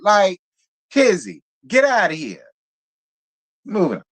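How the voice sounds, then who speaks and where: A man's voice: on the high side, animated, a little slow, fairly bright tone. Sassy man recapping reality TV. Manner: sassy, blunt, talks straight to viewers. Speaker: reality show reviewer. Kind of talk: live stream recap chat.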